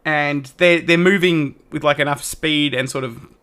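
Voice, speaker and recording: A man's voice: on the high side, steady tone, normal speed, sharp tone, smooth. A man narrating a tabletop horror game as game master, rambling with lots of restarts. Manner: rambling, with many fillers and restarts.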